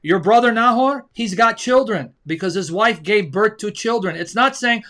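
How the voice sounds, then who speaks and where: Sarcastic male co-host, high bright tone, hammers each point slowly. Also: lively intonation. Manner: sarcastic, emphatic, slows down to stress points. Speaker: co-host of a debate stream. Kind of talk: casual mocking commentary.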